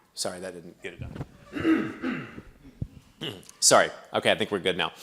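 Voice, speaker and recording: A man's voice: mid-range voice, fairly bright tone. A man preaching a sermon in a church, teaching in a conversational way with frequent asides and thinking aloud. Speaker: pastor.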